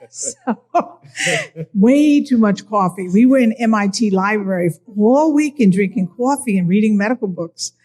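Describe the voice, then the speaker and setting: An older woman with a New York accent, a physician sharing her personal testimony in an earnest storytelling way, with soft chuckles. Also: mid-range voice, expressive, normal speed, few pauses.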